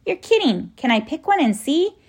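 A woman's voice: medium pitch, very animated, normal speed, gravelly. A woman voicing an eager, curious young girl who asks questions in wonder, in a storybook reading.

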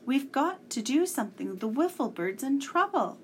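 A woman's voice: high-pitched, very animated, moderate pace, slight background noise, pitched above the performer's own voice. A woman voicing an anxious young boy in a storybook, pleading and worried.

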